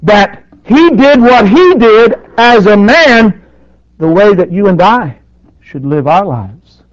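A man preaching a sermon, surging loud on his points and dropping to near quiet, with dynamic swings in force. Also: sits high, lively intonation, slow pace, no echo. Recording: dull dry lo-fi recording.

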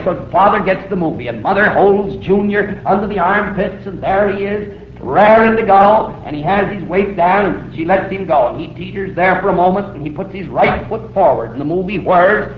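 Storytelling preacher on an echoey old tape. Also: male voice, high voice, a little fast. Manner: vivid storytelling, acts out quoted voices. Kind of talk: sermon. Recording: roomy, dull old recording with faint hiss.

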